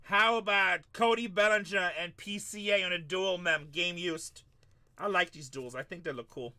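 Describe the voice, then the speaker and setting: A man's voice: high-pitched, normal speed, sharp tone. A man hosting a live card-break stream, chatting and bantering with viewers as he opens packs. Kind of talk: casual live-stream chat.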